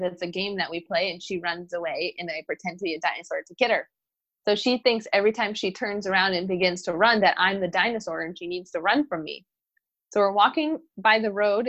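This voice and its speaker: Woman telling a story, dull lo-fi sound. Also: medium pitch. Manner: animated storytelling, acts out quoted voices. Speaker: mother of a toddler. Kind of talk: casual podcast conversation.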